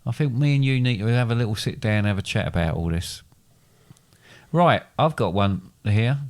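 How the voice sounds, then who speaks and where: A father co-hosting a casual podcast with his son. He jokes, rambles and corrects himself as he goes. His pitch moves in a lively, animated way. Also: moderate pace. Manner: joking, rambling, self-correcting. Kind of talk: casual chat.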